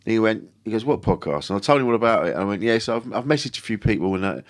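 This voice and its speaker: A low-pitched man chats casually as a podcast guest. He rambles through his stories, restarting sentences and swearing freely. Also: expressive, racing. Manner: rambling storyteller, self-interrupting, swears freely. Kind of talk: casual chat.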